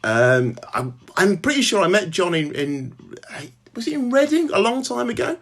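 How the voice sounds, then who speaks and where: A middle-aged man with a Birmingham accent hosts a casual live stream at home, greeting viewers by name in a halting way, with lots of ums and restarts. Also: high voice, sing-song, a bit bright. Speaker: author hosting a live stream.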